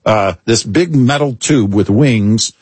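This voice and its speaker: A middle-aged male radio co-host with a husky, mid-pitched voice, recorded close and dry. He tells everyday stories with wry, animated emphasis. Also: slow pace, dry recording. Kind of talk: casual on-air talk.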